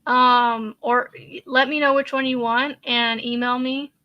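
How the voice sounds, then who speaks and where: A woman's voice: high-pitched, level tone, measured pace, lo-fi sound. A woman, hosting a casual crochet live chat in a rambling, hesitant way with many fillers and sighs. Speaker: crochet channel host.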